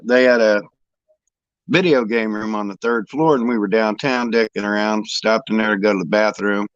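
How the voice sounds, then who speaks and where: Chatting casually, a Midwestern storyteller from Indianapolis, United States, spins long, wandering anecdotes with some swearing. He speaks at a moderate pace in a lowish, steady, clear, resonant voice, recorded with no echo but dull audio.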